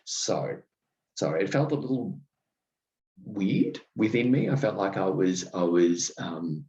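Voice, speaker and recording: A man hosting a podcast, telling wry, self-deprecating stories in a halting way with many ums and restarts. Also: deep voice, big pitch swings, dark tone, highs cut off. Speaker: podcast host. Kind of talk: reflective podcast monologue.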